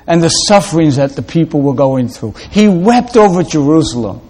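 A man's voice: on the high side, expressive, normal speed, few pauses, a little mellow, breathy edge. A man preaching a sermon as a pastor, earnest, often repeating himself and restarting phrases before closing in prayer.

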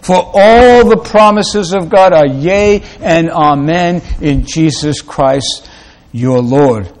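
Delivering a sermon, a man with a fairly high-pitched voice speaks in a slow, deliberate way and repeats important phrases to drive them home.

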